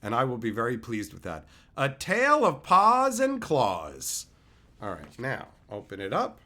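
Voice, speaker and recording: Animated jokey male streamer. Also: mid-range voice, a little slow. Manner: jokey and crude, chats with viewers. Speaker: streamer opening card packs. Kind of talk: casual live-stream commentary.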